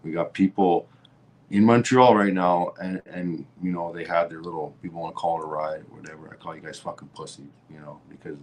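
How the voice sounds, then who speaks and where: A man's voice: sits low, fairly even intonation, fairly quick, a little hiss or hum. Swearing man on a rant. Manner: heated, swearing, repeats words when worked up. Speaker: podcast host. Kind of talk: profane political rant.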